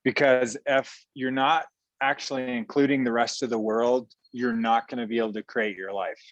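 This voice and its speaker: A man coaching a group on a call, blunt and irreverent, pausing for an interpreter. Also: medium pitch, fairly even intonation, dry recording, muffled recording. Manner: blunt and irreverent, with sudden jokes. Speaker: facilitator speaking through an interpreter. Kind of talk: casual spoken coaching on a call.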